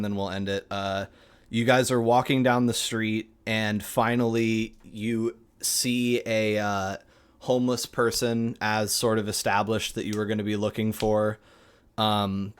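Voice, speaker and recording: Low male voice, game master, slow halting narration. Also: clean tone. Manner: slow, halting, many fillers.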